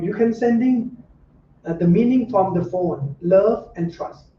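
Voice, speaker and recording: Middle-aged male monk, high mellow voice, gentle, plain-spoken dharma talk, distant and echoey. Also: a little slow, a little hiss or hum. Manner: simple, repetitive phrasing with frequent rhetorical checks; gentle, conversational advice. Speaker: Buddhist monk teacher. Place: meditation center room. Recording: roomy echo, distant dull lo-fi mic.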